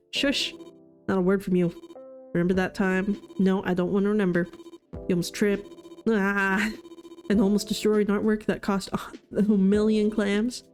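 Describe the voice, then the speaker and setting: A woman's voice: mid-range voice, flat delivery, measured pace, long pauses, darkish tone. A woman VTuber playing through a game, reading its text aloud with sarcastic, self-deprecating jokes. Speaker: VTuber streamer. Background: faint game music.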